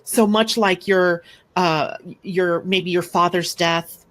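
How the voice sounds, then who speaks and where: A middle-aged woman hosting a live astrology show, chatting casually and telling stories with lively acted-out quotes. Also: lowish voice, slow. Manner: animated storyteller who acts out quoted speech. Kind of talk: casual conversational storytelling.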